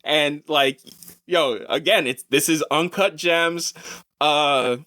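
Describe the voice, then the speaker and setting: A man hosting a casual film podcast, talking in an animated, slangy way with plenty of swearing. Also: on the high side, slow pace, dry recording, studio quality. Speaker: podcast host, film reviewer. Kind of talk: casual chat.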